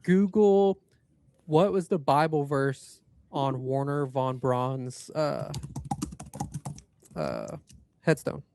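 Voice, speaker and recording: A man's voice: fairly high pitch, very animated, drawn-out words, vocal fry, pauses often, noisy background. A man co-hosting a paranormal podcast, chatting casually and rambling through loose asides. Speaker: podcast co-host. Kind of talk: casual chat.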